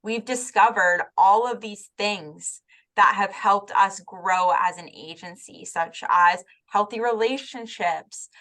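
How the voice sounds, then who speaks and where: Quick, heartfelt woman co-host. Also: mid-range voice, sharp tone. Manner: quick and heartfelt, many "like" and "right" fillers. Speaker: podcast co-host, youth worker. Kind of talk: casual conversation.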